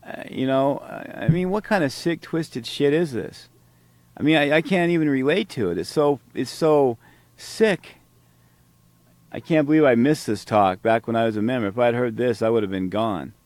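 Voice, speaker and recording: A man's voice: medium pitch, normal speed, darkish tone, dry recording. Guy ranting on his podcast, swearing a lot, sarcastic and heated, dry close sound. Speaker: podcast host. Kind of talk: ranting commentary on a played talk.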